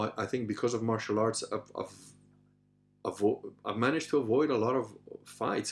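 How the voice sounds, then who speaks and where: A middle-aged podcast host with a medium-pitched voice answers listener questions in a casual storytelling monologue, with slight background noise. His stories ramble loosely, full of restarts, asides and "you know," and he animatedly acts out voices.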